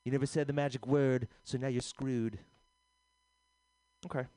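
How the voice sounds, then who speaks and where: A man's voice: medium pitch, steady tone, normal speed, mellow, no room sound. A man hosting a loose comedy radio show, rambling through jokes and bits. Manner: rambling, jokey, slips into silly voices.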